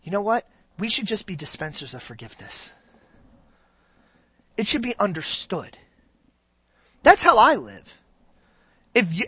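A preacher giving a sermon in an animated, conversational way, often repeating phrases for emphasis. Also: mid-range voice, no echo.

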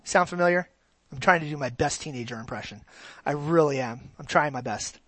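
A preacher giving a sermon, animated and asking the congregation rhetorical questions. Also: mid-range voice, fairly quick, no echo, low-quality recording.

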